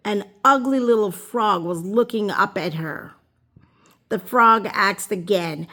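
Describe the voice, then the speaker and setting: A woman reading a children's fairy tale aloud in an expressive, sing-song way, as the host of a storytime channel. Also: mid-range voice, slow.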